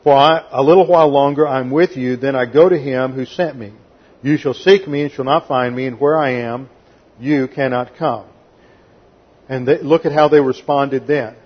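Man, pastor, expository sermon, methodical, husky, muffled lo-fi recording. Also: medium pitch, fairly even intonation, normal speed. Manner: methodical, explains Greek grammar, occasional sarcastic voicing of quotes. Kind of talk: expository Bible teaching sermon.

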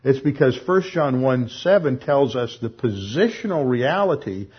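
A man teaching through a passage of Scripture in a measured, explanatory way, often pausing with "uh" and correcting himself mid-sentence. His voice is husky and sits at a middle pitch. The recording sounds dull and lo-fi. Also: animated. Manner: measured, with frequent "uh" pauses and self-corrections. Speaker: Bible teacher. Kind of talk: expository Bible teaching.

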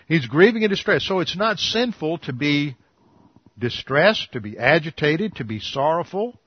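A pastor delivers an earnest teaching sermon in a slightly husky, mid-pitched male voice, leaning on key words by slowing right down. The recording is dull and lo-fi, with a dry, close sound. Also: very animated, no echo. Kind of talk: expository sermon.

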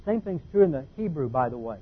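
A man's voice: a little high, sing-song, quick pace, a little hiss or hum. A man giving an expository Bible lesson, explaining word meanings methodically and stressing key points. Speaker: Bible teacher. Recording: tinny phone-like sound.

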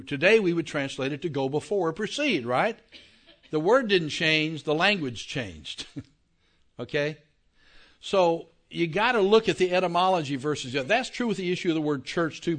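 A man with a slightly raised pitch teaching a Bible class. He talks plainly and conversationally, keeps asking whether his listeners are following, and draws out the words he wants to stress. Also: a bit bright. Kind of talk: classroom lecture to a congregation.

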